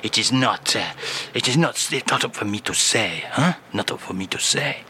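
A man voicing a suave middle-aged Frenchman with a French accent in a comedy radio sketch, drawling slowly with languid French phrases. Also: mid-range voice, animated, bright, forceful tone, slight background noise, pitched below the performer's own voice.

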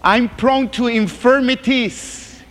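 A man preaching as a pastor, reading scripture slowly and dropping to a hushed groan in prayer. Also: very high voice, big-room sound. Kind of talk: sermon.

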